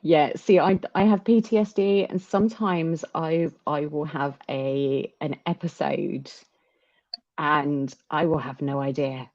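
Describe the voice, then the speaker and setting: A woman talking candidly in a casual chat, halting often and restarting her sentences. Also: low-pitched, fairly even intonation, darkish tone, no echo. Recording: dull dry lo-fi sound.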